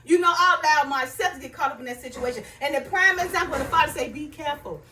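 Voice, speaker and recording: High bright woman in an echoey room. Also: quick pace, slight background noise. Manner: conversational, repeats herself, asks "right?" and "you understand?"; reads scripture aloud in King James wording. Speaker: faith vlogger. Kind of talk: personal spiritual talk to viewers. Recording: echoey room, voice a bit far from mic.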